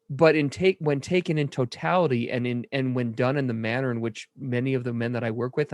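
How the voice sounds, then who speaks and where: A man's voice: medium pitch, no echo, clean studio sound. A man co-hosting a podcast who works with men in recovery. He speaks in an earnest, reflective way and pokes fun at himself. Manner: earnest, reflective, self-deprecating. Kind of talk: casual conversation.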